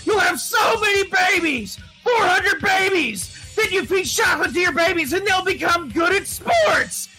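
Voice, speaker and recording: A man voicing a frantic male energy-drink pitchman in a parody commercial, screaming his hyper ad lines. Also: rough recording. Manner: screaming hyper ad-read delivery.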